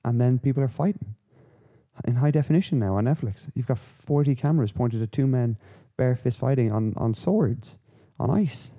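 A man hosting a podcast, rambling through casual, sweary, animated rants. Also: medium pitch, moderate pace. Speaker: podcast host. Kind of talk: casual chat.

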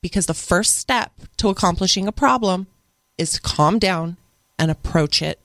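A woman's voice: on the low side, moderate pace, fairly bright tone, dry recording. A woman speaking as a podcast guest, earnestly retelling moments with her children as a single mother. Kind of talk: personal storytelling in a podcast interview.

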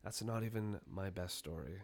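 A man's voice: deep voice, measured pace. A young man co-hosting a podcast, telling a rowdy story with lots of swearing and acted-out quotes. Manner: profane, animated retelling, acting out quotes. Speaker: podcast co-host. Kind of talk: casual storytelling.

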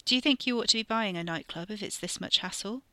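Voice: medium pitch, quick pace, sharp tone, no echo, lightly acted. A storyteller voicing a blunt young woman who swears readily, read in an audiobook style. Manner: blunt, swears when hurt. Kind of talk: audiobook character voice.

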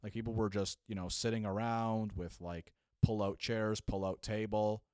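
A man's voice: on the low side, moderate pace, smooth, no echo, studio quality. A young man telling a funny story casually, acting out the people in it with lots of fillers. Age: young adult. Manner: animated, acts out voices, casual filler. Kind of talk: comedic storytelling.

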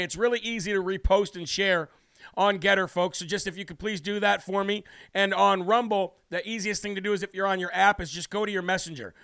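A man hosting a live political talk show, brash and emphatic, hammering points with repetition and reading out viewer shout-outs. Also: sits high, clean tone, no room sound, clean studio sound. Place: New Hampshire studio.

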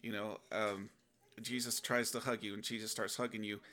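A young adult man with a low, forceful voice talks casually to his viewers. He acts out inner dialogue with sudden animated outbursts. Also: moderate pace. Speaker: self-help video host. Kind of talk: casual spoken reflection to camera.

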